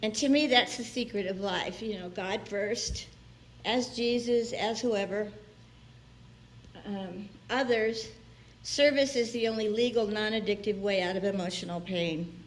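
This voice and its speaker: Her mid-range voice moves a little slowly as this woman, a guest minister, delivers a chatty, personal sermon in a church sanctuary. She laughs often and acts out the people she quotes.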